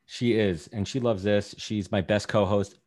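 A man's voice: fairly low pitch, fairly even intonation, measured pace, a little mellow. A man in his thirties talking candidly as a podcast guest, rambling with lots of fillers. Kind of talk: casual podcast chat.

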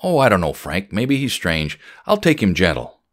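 A man's voice: low-pitched, huge pitch swings, moderate pace. A man reading as a cautious young helper.

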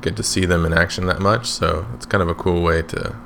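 Low gravelly guy with a bright edge, podcast cohost, mostly short yeahs. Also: fairly even intonation, fairly quick, slight background noise. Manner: short agreeing replies, laughs along. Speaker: podcast co-host. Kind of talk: casual podcast chat.

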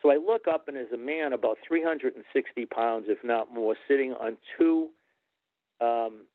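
A man's voice: mid-range voice, normal speed, no echo. A man, a former wrestling referee, telling stories as an interview guest and acting out the people he quotes. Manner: animated, quotes others in character. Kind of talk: anecdotal interview storytelling. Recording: tinny phone-like line, dry.

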